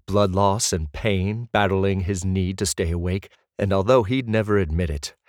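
A male narrator with a very deep voice reads a fantasy story at an unhurried pace. His delivery is even and measured. The recording is dry and close. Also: no echo. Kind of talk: audiobook narration.

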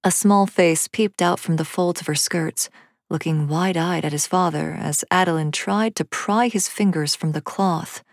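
Woman narrator, low voice, steady storybook reading, dry close sound. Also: measured pace, dry recording.

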